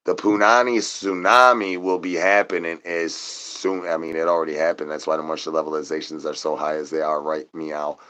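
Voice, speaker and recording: A man with a very low voice hosts a livestream, rambling along in goofy chatter. He leans on silly made-up words and chants his catchphrases over and over in a singsong way. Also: flat delivery, moderate pace, few pauses, bright, forceful tone, smooth. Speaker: livestream host.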